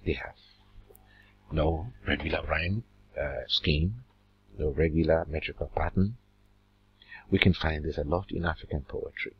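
A man teaching a literature lesson, slow and deliberate, drawing out words as he counts syllables, with a husky voice. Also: extremely low pitch. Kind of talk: recorded classroom lesson. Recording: dull lo-fi recording.

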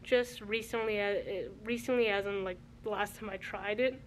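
A woman's voice: medium pitch, fairly even intonation, moderate pace, slight background noise. Breathless chatty young woman vlogger. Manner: rambling, chatty, many restarts and fillers. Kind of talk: casual vlog chat. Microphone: handheld camera mic.

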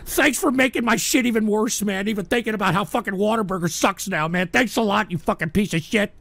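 A man hosting a livestream radio show, ranting angrily and swearing, often shouting at his chat. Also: high voice, quick pace, gravelly, no echo.

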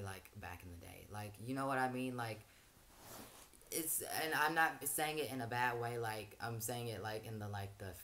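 A man talks to his viewers in a loose, rambling way, leaning on "um" as he goes and letting soft chuckles slip in. His pitch sits at an ordinary middle height. There is a faint hiss behind his voice. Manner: loose and rambling, frequent "um" fillers and soft laughs. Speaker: reaction channel host. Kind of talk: casual reaction vlog chat.

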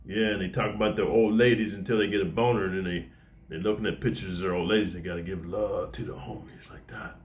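A man's voice: sits low, fairly even intonation, quick pace, slight background noise. A man giving a casual, profane monologue to camera in boastful street talk, speaking as a martial arts teacher.

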